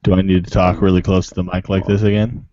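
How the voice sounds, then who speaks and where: A man's voice: deep voice, flat delivery, quick pace, warm tone, a little hiss or hum. A man bantering goofily in a casual chat, speaking close to his mic on an online call. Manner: goofy, joking. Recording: dull lo-fi online call audio.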